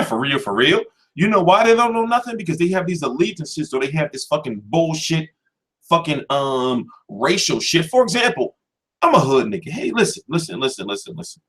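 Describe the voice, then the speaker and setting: A brash male host rants about boxing coverage, swearing freely. His voice sits a little high and swings widely up and down as he talks. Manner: brash and animated, swears constantly. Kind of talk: profane rant to camera.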